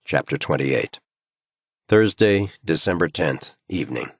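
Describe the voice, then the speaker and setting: A man reading a crime thriller audiobook in measured, grave scripted narration. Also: rumbling low, expressive, husky, no room sound.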